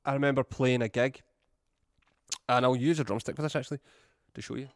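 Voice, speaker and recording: A man's voice: mid-range voice, fairly even intonation, fairly quick, no echo. A middle-aged man, hosting a podcast in an easygoing way and speaking straight to the listeners. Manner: easygoing, addresses listeners directly. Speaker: podcast host, drummer, music shop worker. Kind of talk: casual chat.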